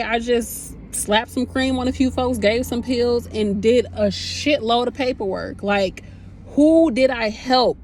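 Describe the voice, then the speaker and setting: A woman's voice: a little high, slight background noise. A woman in her thirties, a nurse, talking candidly and emotionally to her phone camera in a rambling, casual way. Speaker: nurse vlogger.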